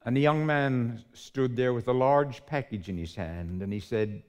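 Preacher, male, dramatic storyteller, measured, mid-pitched. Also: darkish tone. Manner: dramatic, slows down for emphasis. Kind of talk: sermon storytelling.

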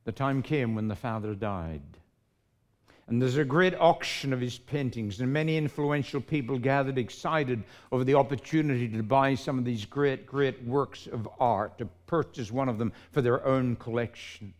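A man preaching a sermon, telling a story dramatically and slowing for emphasis. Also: mid-range voice.

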